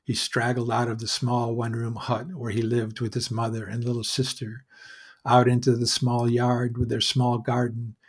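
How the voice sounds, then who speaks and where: Male storyteller, husky, measured wry narration, mid-range voice. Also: mid-range voice, monotone.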